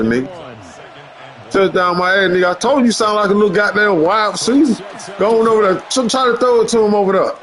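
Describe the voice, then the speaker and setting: A man streaming a football video game, loudly trash-talking his online opponent with slang and profanity. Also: sits high. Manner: loud, boastful trash talk with heavy slang and profanity. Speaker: gamer streamer.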